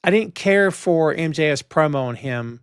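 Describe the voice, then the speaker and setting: Emphatic man, high voice, dry sound. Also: lively intonation, moderate pace, clear, resonant tone, no room sound. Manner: opinionated, emphatic, old-school wrestling talk. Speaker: podcast co-host. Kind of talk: casual chat.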